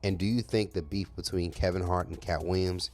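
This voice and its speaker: A man narrating a scripted entertainment news segment in an even read. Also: deep voice, a little fast.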